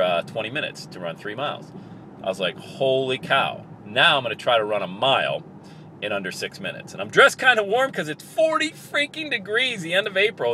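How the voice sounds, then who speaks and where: A man's voice: mid-range voice, sharp tone. A man filming himself on a cold, windy outdoor track, talking in an emphatic, pumped-up way to camera. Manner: pumped-up, emphatic, self-motivating. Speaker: motivational vlogger. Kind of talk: casual outdoor vlog to camera. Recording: faint outdoor background noise.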